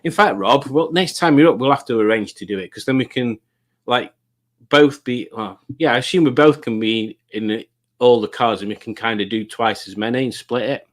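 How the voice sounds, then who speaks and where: A man's voice: mid-range voice, moderate pace. A middle-aged man hosting a casual livestream, rambling as he reads out viewer comments. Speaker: livestream host.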